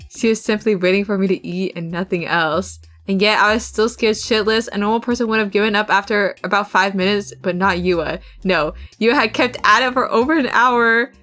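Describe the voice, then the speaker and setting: Her medium-pitched voice has a sharp tone as the young woman streamer reads visual novel text dramatically, cursing and laughing at the writing and acting out tense moments. Faint game music sits in the background.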